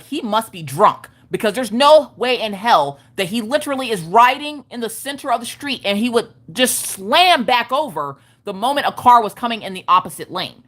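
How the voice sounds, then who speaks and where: A woman, telling a story in a casual livestream chat, animated, profane and emphatic. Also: mid-range voice. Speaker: craft livestream host.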